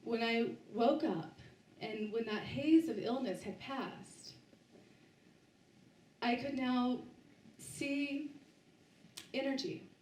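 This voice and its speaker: A woman's voice: fairly high pitch, darkish tone, roomy sound, far from the mic, poor audio. A woman giving a book talk to a live audience, sharing a personal story with many restarts and fillers. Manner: halting, with frequent restarts and fillers. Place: bookstore event space, indoors.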